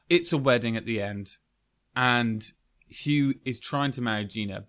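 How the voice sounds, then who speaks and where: A man's voice: medium pitch, a bit bright. A man co-hosting a podcast, enthusiastically recapping a film with frequent laughs. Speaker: podcast co-host. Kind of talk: casual film review chat.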